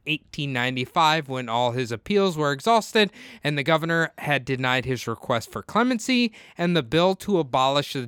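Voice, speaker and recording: A man hosting a podcast, telling a true-crime story in a relaxed, chatty way with frequent laughter. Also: on the high side, smooth, no echo, studio quality. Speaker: podcast host.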